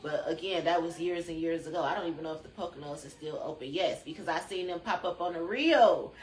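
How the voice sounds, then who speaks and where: A woman's voice: lowish voice, quick pace, darkish tone, echoey room. A woman hosting a rambling spiritual chat, drowsy, chatty and loosely profane, talking from a room at home. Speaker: spiritual channel host.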